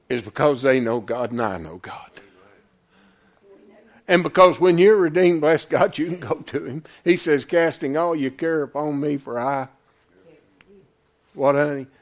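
A man delivers a sermon in a folksy, conversational way, leaning on endearments like honey. His voice sits high and leaps all over the place. He swings from booming declarations to soft, close asides. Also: lively intonation, a little slow, pauses often. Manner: folksy, calls congregation "honey", swings from loud to hushed. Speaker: preacher. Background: congregation responses.

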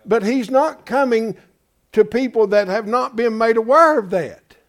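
A man's voice: very high voice, measured pace. A man preaching a Bible-study sermon, emphatic and folksy, often asking his congregation rhetorical questions. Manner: folksy, calls listeners "folks".

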